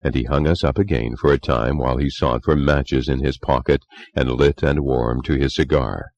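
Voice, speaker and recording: Brief: male narrator, very low gravelly voice, lively intonation, measured delivery. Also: muffled recording. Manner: measured storytelling. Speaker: audiobook narrator. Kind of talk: audiobook narration.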